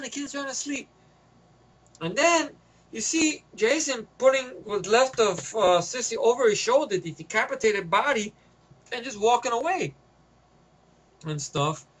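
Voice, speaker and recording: A man's voice: very high-pitched, fairly bright tone. A man giving a casual, loose movie review, swearing freely and chuckling often.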